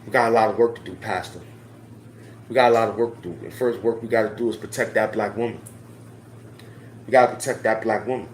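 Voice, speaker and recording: A man's voice: mid-range voice, fairly bright tone, a little hiss or hum. A man giving impassioned, slangy social commentary to his viewers, repeating his points for emphasis. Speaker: online commentator. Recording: roomy echo.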